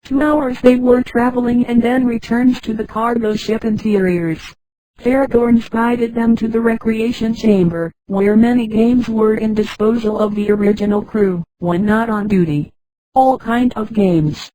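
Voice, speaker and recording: Synthetic female narrator, fairly high, mellow dark tone, flat computer reading, reads punctuation aloud, dry close sound. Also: normal speed, dry recording, low-quality recording. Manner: flat text-to-speech reading that speaks punctuation names aloud.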